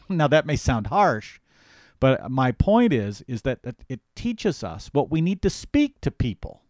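A man's voice: medium pitch, big pitch swings, normal speed, dry recording, studio quality. A male pastor teaching the Bible in casual conversation, talking emphatically and animatedly, often restarting his sentences.

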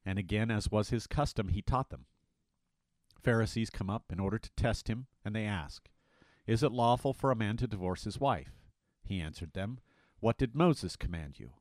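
A man co-hosting a conversational Bible study, reading scripture in an animated, dramatic way. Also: on the low side, moderate pace, dry recording. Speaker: pastor co-host.

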